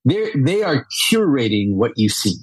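A man from California, a guest actor, talking casually on a podcast and often pausing to search for words with many fillers. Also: medium pitch, big pitch swings, breathy edge, dry recording, low-quality recording.

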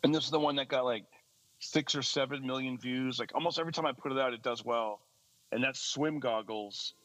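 On a roughly recorded, echo-free podcast, a comedian in his forties talks a little fast. He's an animated, casual storyteller who keeps slipping into funny high-pitched voices.

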